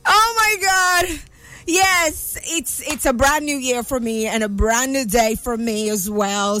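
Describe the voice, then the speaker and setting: A woman hosting a live morning radio show in a studio, exuberant and often shouting and laughing between her words. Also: a little high, takes it slowly, dry recording, faint music behind. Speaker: radio host.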